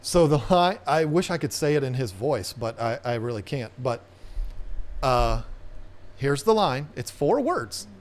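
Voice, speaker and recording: A man's voice: mid-range voice, sing-song, measured pace. A man hosting an aquarium live stream, chatting in a casual, rambling, playful way with viewers. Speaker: aquarium channel host.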